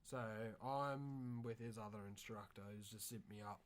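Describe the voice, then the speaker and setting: A man's voice: mid-range voice, normal speed, slight background noise. A young Australian man telling a long rambling story in casual podcast chat, swearing freely. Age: young adult. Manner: rambling, swears a lot, animated. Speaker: podcast co-host.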